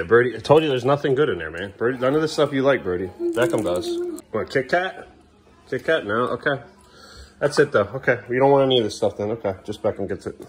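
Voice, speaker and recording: A man filming a casual family vlog at home, coaxing and joking with his children as he hurries them through bath time. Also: mid-range voice. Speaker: father filming his kids.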